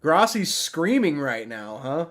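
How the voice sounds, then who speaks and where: A man's voice: fairly high pitch, very animated, takes it slowly, fairly bright tone. A young man casually reacting on a live stream, rambling with many restarts and frequent swearing. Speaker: streamer reacting to a sports draft.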